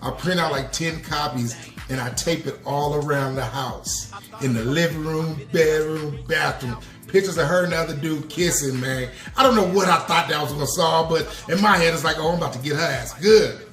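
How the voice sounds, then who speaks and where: A man's voice: a little high, moderate pace, a bit bright. A man hosting a podcast, telling a personal confession in a loose, slangy storytelling manner and calling the listeners "y'all". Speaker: podcast host. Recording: echoey room with faint music.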